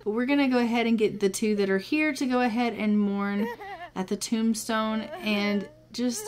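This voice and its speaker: A woman's voice: mid-range voice, a little mellow. A woman giving casual gameplay commentary, chatting viewers through each step of what she is doing. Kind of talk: casual let's-play commentary.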